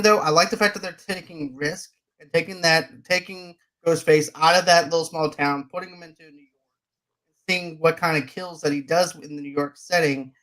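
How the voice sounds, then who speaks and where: A man with a slightly high voice hosts a casual movie podcast. He talks in an emphatic, conversational way, stretching his points with long asides. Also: a bit bright. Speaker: podcast host.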